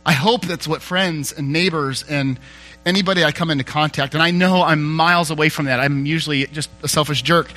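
A man's voice: a little high, bright, forceful tone. A man preaching a sermon in a church, candid, conversational and self-deprecating, a little teary.

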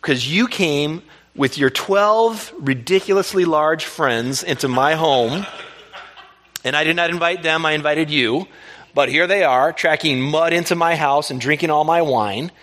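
A man voicing an exasperated woman host who airs her grievances in a fast, indignant rush. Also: fairly high pitch, a bit bright, big-room sound. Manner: indignant, rapid complaining.

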